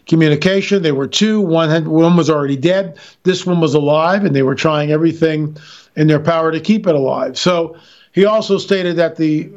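A man's voice: on the high side, dull audio. A man talking as an interview guest, telling stories emphatically with frequent restarts. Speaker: interview guest, filmmaker and author. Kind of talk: animated radio interview talk.

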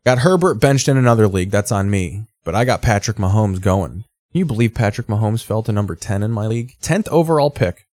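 Casual male host, low voice, sarcastic and swearing, dry close sound. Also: animated, a little fast, few pauses, a little mellow, dry recording. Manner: sarcastic, rambling, swears freely. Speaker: host reacting to football broadcast clips. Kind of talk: casual profane commentary.

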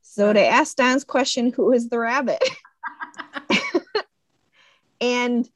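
A woman in casual conversation about a movie, animated, jumping into high-pitched voices when she quotes characters. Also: takes it slowly, no room sound.

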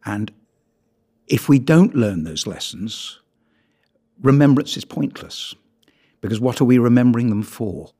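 A man from Britain, a photographer giving a public talk on his pictures in an earnest, measured way with emphatic rises on key words. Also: medium pitch, expressive, warm tone, breathy edge.

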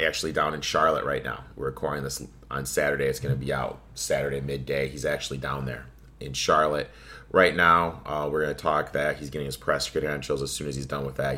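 On the sports betting podcast he hosts alone, this man rants casually and offhandedly, swearing plenty. His voice is very deep with a sharp tone.

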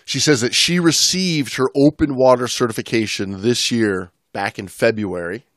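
A man's voice: medium pitch, moderate pace, a bit bright, no echo, studio quality. A man with an American Midwestern accent hosting a casual podcast chat, reading listener mail and joking along. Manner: chatty, reads listener mail aloud, laughs at own jokes. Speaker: podcast host.

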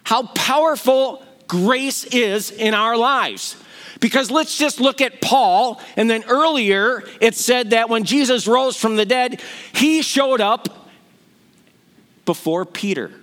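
A man's voice: very high voice, takes it slowly, a bit bright. A middle-aged man preaching a sermon, telling the stories with animation and acting out the voices he quotes. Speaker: pastor.

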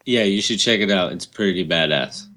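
A man's voice: sits low, normal speed, pushed and bright. A man co-hosting a podcast, dropping short dry quips into the chat. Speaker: podcast co-host.

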